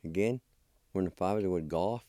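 A man's voice: sits low, brisk, warm tone, no room sound, studio quality. A man teaching a spelling and pronunciation lesson, patiently sounding out syllables one at a time and encouraging his learners. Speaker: language teacher.

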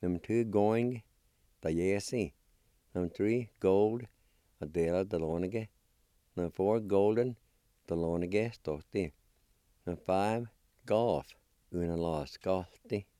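A man's voice: low voice, takes it slowly, pauses often, warm tone, smooth, no echo, studio quality. A man teaching a spelling and pronunciation lesson, patiently sounding out syllables one at a time and encouraging his learners. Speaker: language teacher.

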